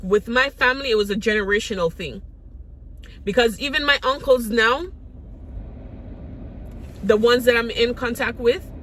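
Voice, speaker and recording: On camera, a Caribbean-raised woman recounts personal stories to her vlog audience, candid and rambling with many restarts. Her voice is on the high side and fairly bright, with slight background noise behind it.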